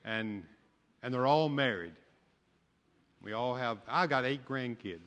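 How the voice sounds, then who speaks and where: A man's voice: mid-range voice, measured pace, a bit bright, highs cut off. An older man, a pastor, preaching a sermon with folksy storytelling and humor. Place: church sanctuary. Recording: long church hall reverb.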